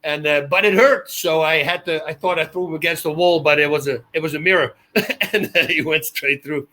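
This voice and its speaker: A man telling stories as a radio interview guest, his voice pitched high with a sharp, forceful edge. He rushes through run-on anecdotes and laughs often. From Netherlands. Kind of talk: animated storytelling in a casual interview.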